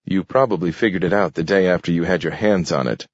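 A man doing a grim, clipped human leader in an audiobook, pushed higher and more heated than the deep narrating voice. The delivery is terse and pressing. The recording is dry and a little dull. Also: moderate pace, no echo, natural voice. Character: sharp, tense older human leader Webster. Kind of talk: audiobook character voice. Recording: dull, dry studio read.

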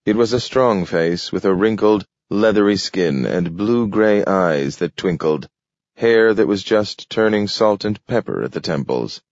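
Deep-voiced man narrating an audiobook. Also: no room sound. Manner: steady, measured storytelling. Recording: dull, dry studio read.

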